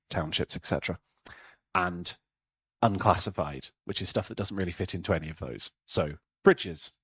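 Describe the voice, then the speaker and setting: A man's voice: low-pitched, a bit bright, husky, dry recording. A man with a North Welsh accent giving a presentation talk, using dry, self-mocking humour and frequent ums. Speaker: place-name researcher giving a talk.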